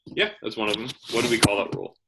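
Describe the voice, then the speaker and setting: A young man leads a study session, prompting his student with patient questions and casual restarts. His voice is bright and fairly low. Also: steady tone, fast talker, slight background noise. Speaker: chemistry tutor. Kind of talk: tutoring session, guiding questions.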